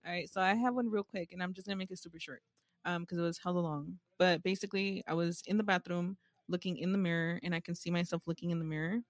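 A low-pitched woman in relaxed podcast chat, telling stories in a loose, swearing way with bits of Spanish. The sound is dry and close, recorded on a phone. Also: fast talker, dry recording. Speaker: podcast co-host. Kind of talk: casual chat.

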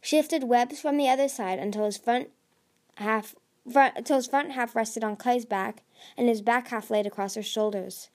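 A woman's voice: on the high side, darkish tone. A woman reading a dragon fantasy novel aloud as an amateur narrator, with frequent slips and restarts.

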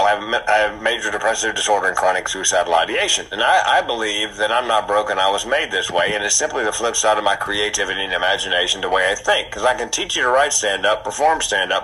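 Male comic guest, husky and bright, animated storyteller. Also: lowish voice, poor audio. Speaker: podcast guest, comedian. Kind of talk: casual storytelling.

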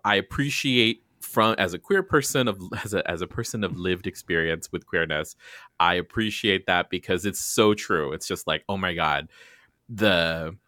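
A man's voice: low-pitched, normal speed, bright, forceful tone, no room sound, clean studio sound. A man co-hosting a podcast, joking and talking earnestly in casual chat. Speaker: podcast co-host.

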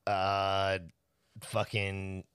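A man's voice: low voice, completely flat delivery, extremely slow, fairly bright tone, clear, resonant tone, no room sound, clean studio sound. A man co-hosting a podcast, rambling and swearing a lot in casual banter. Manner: heavy swearing, rambling, acts out bits. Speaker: podcast co-host. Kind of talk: casual chat.

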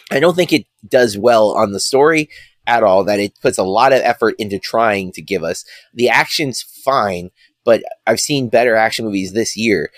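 Male co-host, mid-pitched, meandering reviewer, dry close mic. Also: fairly bright tone, no echo. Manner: rambling, many fillers and restarts. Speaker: film podcast co-host. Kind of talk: casual film review chat.

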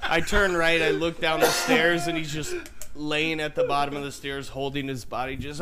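A man's voice: fairly high pitch, moderate pace. A man co-hosting a podcast, telling a story among friends with lots of laughter. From Iowa. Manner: laughing, animated storyteller acting out voices. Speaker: podcast co-host. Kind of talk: casual storytelling chat. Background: crowd of friends in a house.

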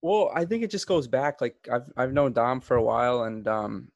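A man's voice: mid-range voice, normal speed, gravelly, no room sound, muffled recording. Laid-back man, dry podcast sound. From Florida. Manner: relaxed, rambling, many fillers and restarts. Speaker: podcast host. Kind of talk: casual chat.

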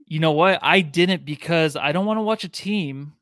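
A man's voice: a little high, normal speed, a bit bright, dry recording, studio quality. A man co-hosting a casual sports podcast, wry and jokey, who often trails off mid-thought. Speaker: podcast co-host.

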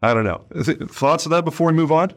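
A man hosting a podcast in casual conversation, acting out sales calls in quick mock voices. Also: a little high, animated. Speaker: podcast host.

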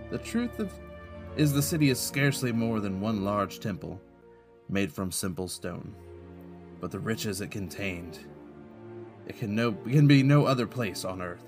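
A man voicing a sixteenth-century male Spanish explorer with a put-on Spanish accent, reading journal entries in a solemn, measured way, over background music. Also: on the low side, natural voice.

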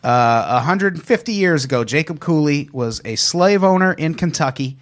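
Man with a lively storytelling voice. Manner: storytelling with animated pitch, quick to laugh. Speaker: podcast host. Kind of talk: casual chat, reading out stories.

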